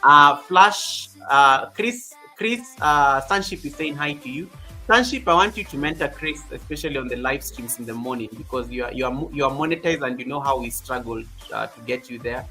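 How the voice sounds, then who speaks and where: A man's voice: mid-range voice, fast, bright, forceful tone. A man hosting a livestream, chatting casually and greeting viewers by name while repeating his phrases. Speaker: livestream host. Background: faint background music.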